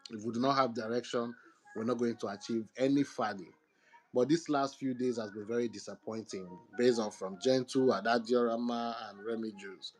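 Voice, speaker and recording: A man's voice: mid-range voice, fairly even intonation, normal speed, a little mellow. A man speaking in a casual online talk, earnest and rambling with hesitant fillers. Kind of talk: casual chat.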